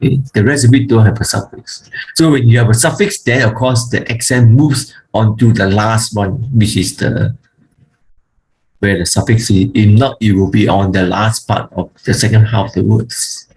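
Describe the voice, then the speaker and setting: A man teaching a grammar lesson, speaking haltingly with frequent fillers and restarts, and slowly reciting word forms one by one. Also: fairly low pitch, steady tone, a little mellow, low-quality recording. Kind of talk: online Hebrew grammar lesson.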